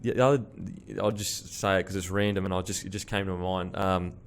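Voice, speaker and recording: A young Australian man hosting a podcast, telling a story in casual chat with swearing and animated delivery. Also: low voice, brisk. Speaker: podcast host.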